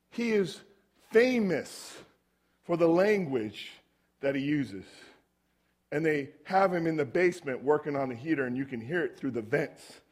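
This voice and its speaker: High-voiced man preaching a chatty sermon. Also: a little mellow. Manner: storytelling, asks the audience rhetorical questions. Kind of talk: conversational sermon.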